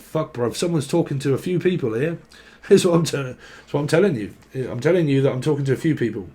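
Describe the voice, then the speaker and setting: A man's voice: medium pitch, lively intonation, a little fast, mellow. A man giving a rambling tarot reading, jumping between word associations, sung snatches and frequent laughs. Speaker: tarot reader. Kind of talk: casual channelled tarot reading.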